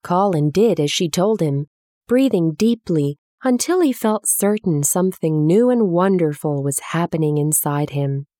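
A woman narrating a children's storybook in a measured, gentle way. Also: fairly low pitch, lively intonation, no room sound, clean studio sound. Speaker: audiobook narrator.

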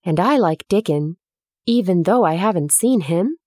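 A woman's voice: lowish voice, lively intonation, moderate pace, darkish tone, breathy edge, dry recording, clean studio sound. A woman voicing a lonely, sickly young boy who grows eager and breathless. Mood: wistful. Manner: breathless, yearning, rising to cries.

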